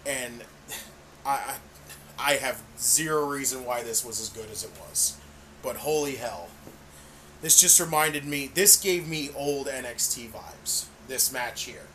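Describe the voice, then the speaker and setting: A man's voice: mid-range voice, measured pace, bright, forceful tone, slight background noise. A man co-hosting a casual wrestling podcast, swearing freely and laughing often. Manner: profane, enthusiastic, laughs often. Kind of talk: casual chat.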